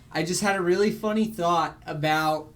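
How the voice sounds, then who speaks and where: A young man streaming games, his voice shaky after crying, telling a rambling story to his chat with laughs and restarts. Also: a little high. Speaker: game streamer. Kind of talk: casual storytelling to a live chat.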